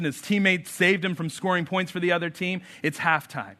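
Bright, emphatic male preacher. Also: high-pitched, normal speed. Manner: emphatic, acting out quoted voices. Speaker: pastor. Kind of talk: sermon.

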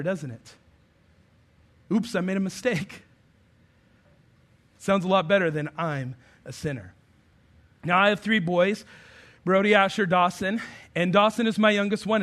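A man's voice: high voice, fairly bright tone. A pastor in his thirties preaching an Easter sermon in a conversational, humorous way, telling stories and rising into emphatic points.

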